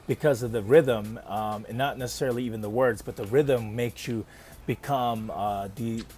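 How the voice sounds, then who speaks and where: Animated man podcast host. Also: medium pitch, normal speed. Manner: animated, emphatic, frequent affirmations. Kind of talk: podcast conversation.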